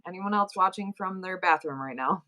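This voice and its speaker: A woman's voice: lowish voice, fairly quick, bright, forceful tone. A middle-aged woman with a New York accent, hosting a live selling stream and chatting playfully with her viewers. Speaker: livestream seller.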